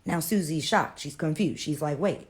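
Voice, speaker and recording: A woman's voice: medium pitch, animated, normal speed. A woman on a phone livestream, telling a story in a playful, dramatic way. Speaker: social media personality.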